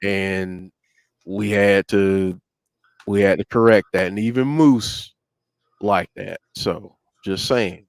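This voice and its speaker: A man's voice: sits low, fairly even intonation, slow pace, vocal fry, smooth, no room sound. A man co-hosting a wrestling talk show, ranting and getting fired up in casual chat. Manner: ranting, gets fired up, self-interrupting. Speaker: podcast co-host.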